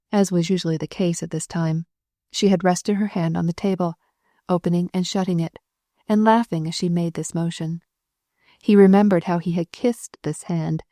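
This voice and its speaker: A woman reading a classic novel aloud as audiobook narrator, in a measured, even way. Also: on the low side, no echo, studio quality.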